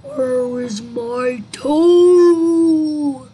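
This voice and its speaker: Slow, loud, groaning ghost creature for a spooky story reading, put on by a woman with a high voice; noisy home recording.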